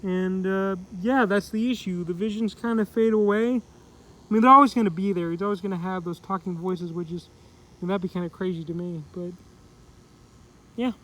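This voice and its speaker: A man's voice: high voice, steady tone, normal speed, bright, forceful tone, poor audio. A man casually reviewing a comic book, rambling with lots of fillers and restarts.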